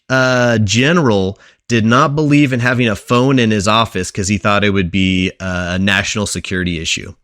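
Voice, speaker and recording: A young male co-host leads a history segment on a casual podcast, meandering through it with many fillers and restarts while quizzing his friends. His voice is mid-range and fairly bright, captured in a dry, studio-quality recording.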